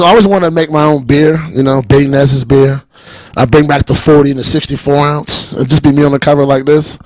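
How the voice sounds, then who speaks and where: A man's voice: mid-range voice, dry recording, low-quality recording. A young adult man with a Boston accent doing a rambling stand-up comedy set, laughing at his own jokes and acting out other voices. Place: live stage.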